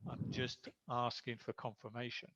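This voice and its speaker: A man's voice: mid-range voice, completely flat delivery, normal speed, a bit bright, dry recording. A man giving an online English lesson, explaining grammar patiently step by step. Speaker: English teacher. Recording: dull lo-fi sound.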